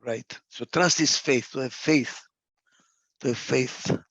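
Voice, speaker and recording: A man's voice: mid-range voice, slow, fairly bright tone, dry recording, lo-fi sound. A man giving a reflective talk. He stresses points by repeating phrases, and sometimes stalls over a word and starts again. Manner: gets lost for a word and restarts. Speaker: speaker.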